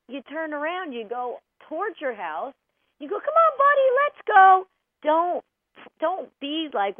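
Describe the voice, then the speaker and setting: A woman dog trainer hosting a radio talk show, bubbly and animated, laughing often. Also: fairly high pitch, dry recording. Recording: tinny phone-like line, dry.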